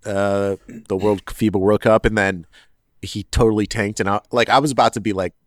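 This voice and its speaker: A man co-hosting a podcast, chatting casually in a rambling, animated way and often correcting himself mid-sentence. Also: fairly low pitch, normal speed, no room sound, studio quality. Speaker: podcast co-host. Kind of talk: casual sports chat.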